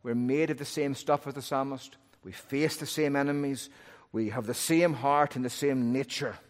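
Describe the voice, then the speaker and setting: A man preaching a sermon, moving between loud, urgent peaks and hushed, low phrases. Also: fairly even intonation, normal speed. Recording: long hall reverb.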